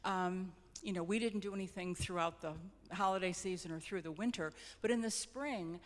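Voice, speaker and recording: A middle-aged woman, a hospice nurse, telling personal stories in a gentle, reflective, sometimes halting way. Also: fairly low pitch. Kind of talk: personal storytelling talk. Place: church hall. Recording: long hall reverb.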